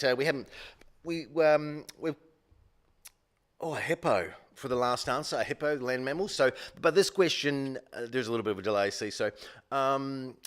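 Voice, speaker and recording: A man's voice: mid-range voice, fairly bright tone. A man hosting a live-streamed quiz, rambling and joking at his own expense, with many fillers. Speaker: quiz show host.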